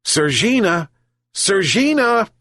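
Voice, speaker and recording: A kind old fisherman from a storybook calls out and pleads with his pets in a raised, somewhat husky voice, voiced by a man. His lines swing high with feeling. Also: huge pitch swings, unhurried, a bit bright, dry recording, full character voice. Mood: calling. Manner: calling out, pleading.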